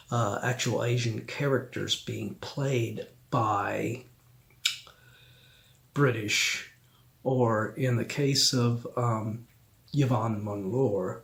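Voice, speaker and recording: Slow, gravelly man reviewing films. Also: mid-range voice. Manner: slow, rambling, with many ums. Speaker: film review host. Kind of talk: casual film review.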